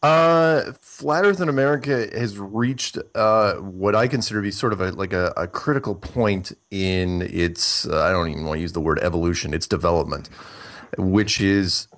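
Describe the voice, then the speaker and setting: A man's voice: sits low, moderate pace, fairly bright tone. A man talking as an interview guest, explaining at length with many fillers and restarts. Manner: rambling, thinks aloud with many fillers and restarts. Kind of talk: casual interview talk.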